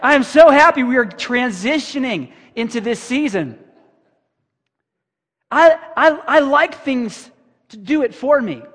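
A man's voice: extremely high pitch, lively intonation, measured pace, pauses often, fairly bright tone, slightly rough. A middle-aged man preaching a sermon as pastor, conversational and self-deprecating, acting out his own prayers. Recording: reverberant church hall.

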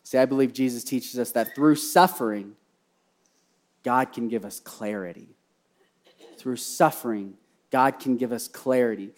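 A young man preaching a sermon, repeating key phrases and swinging from hushed personal storytelling to loud, fervent cries. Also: mid-range voice, animated, moderate pace, pauses often. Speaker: pastor.

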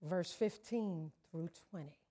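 A woman preaching a sermon with passion, moving from hushed, slow lines to shouted ones and asking the congregation questions. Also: on the low side, breathy edge. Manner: call-and-response questions to the congregation. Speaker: guest preacher.

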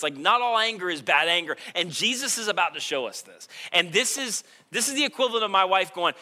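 A male pastor preaching a sermon, moving between quiet reflective passages and loud, impassioned stretches. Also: high-pitched.

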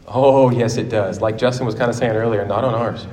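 A man in his forties preaching a sermon in a church, telling stories in a lively way and acting out quotes. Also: medium pitch, fairly quick, a little hiss or hum. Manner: animated storytelling with acted quotes. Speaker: pastor. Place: church sanctuary. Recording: long hall reverb.

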